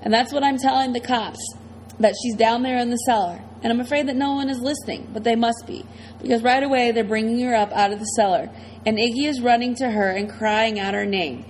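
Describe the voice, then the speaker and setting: A woman's voice: on the high side, brisk, a little hiss or hum, low-quality recording. A woman reading a first-person novel aloud as audiobook narrator, in a tense, dramatic way.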